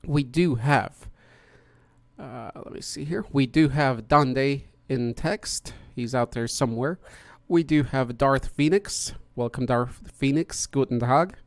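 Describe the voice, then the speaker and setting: A man's voice: medium pitch, slow, no room sound. A man hosting a podcast, chatting casually and greeting each guest in turn. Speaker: podcast host. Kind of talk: casual hosted chat.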